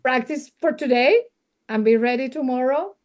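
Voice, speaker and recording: A woman's voice: high voice, moderate pace, darkish tone. A woman with a Spanish accent, a non-native English speaker, talking earnestly as a guest media coach in a casual podcast interview and laughing readily.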